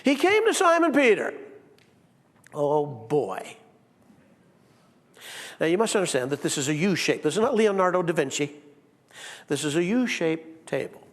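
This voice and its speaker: A man preaching a sermon in a church, animated and playful, acting out quotes with big swings in his voice. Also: a little high, normal speed, pauses often. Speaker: pastor. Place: church sanctuary. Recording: long reverb of a church hall.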